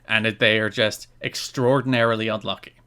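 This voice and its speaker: A man's voice: fairly low pitch, fairly even intonation, a little fast, bright, forceful tone, clean tone. An Irish man co-hosting a podcast in casual chat, reading out news notes and adding dry asides. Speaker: podcast co-host.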